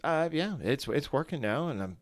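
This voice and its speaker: A man's voice: fairly high pitch, expressive, normal speed, dry recording. A man hosting a casual solo livestream in his morning voice, rambling and self-deprecating with lots of fillers and restarts. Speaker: fantasy football streamer.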